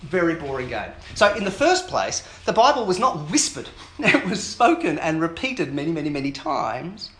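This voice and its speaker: A man preaching an Easter sermon, animated and fond of joking asides with the audience. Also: fairly high pitch, moderate pace, hardly any pauses. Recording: roomy hall with faint ambience.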